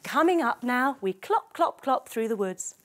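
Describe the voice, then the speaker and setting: A woman telling a story as a yoga teacher for children, playful and animated while she gives gentle instructions. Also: a little high, unhurried.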